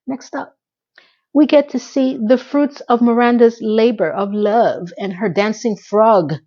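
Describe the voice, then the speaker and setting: A woman's voice: mid-range voice, darkish tone. Chatty woman recapping a show, dull audio. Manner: chatty and conversational, with asides, mock sound effects and impressions of characters. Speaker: TV episode recap host. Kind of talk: casual chatty recap commentary.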